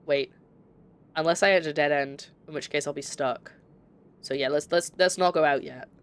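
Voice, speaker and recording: A woman's voice: low voice, moderate pace, clear, resonant tone. A young woman from Scotland with a light Scottish accent, chatting casually and rambling as she streams a game and reads chat. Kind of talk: casual gameplay commentary.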